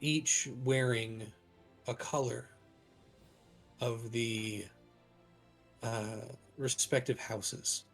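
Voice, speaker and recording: A man narrating as game master of a tabletop game, slow and halting. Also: medium pitch, fairly even intonation, gravelly, faint music behind.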